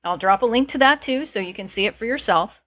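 A woman giving earnest spoken commentary as a homesteading vlogger, reading news excerpts aloud in an animated way. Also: fairly high pitch, fast talker. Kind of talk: casual spoken commentary to camera.

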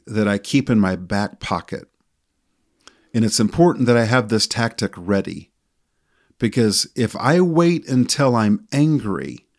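Co-hosting a podcast, a middle-aged man with a lowish voice recounts a story from his job as a sports official. He tells it calmly and in a measured way.

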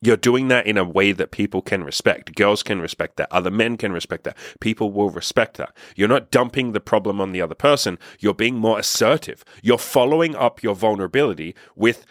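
A blunt young man talks straight into a dry, close microphone with no room sound, pushing his points hard and swearing casually. His voice sits fairly low, and the delivery is an emphatic podcast monologue. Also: fairly quick, hardly any pauses, no room sound. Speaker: podcast host. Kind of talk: motivational monologue.

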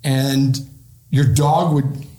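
A man's voice: mid-range voice, very slow, roomy sound. A middle-aged man, a retired police officer, telling stories as a podcast guest and acting out the quotes. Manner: animated storyteller acting out quotes. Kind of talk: podcast interview storytelling.

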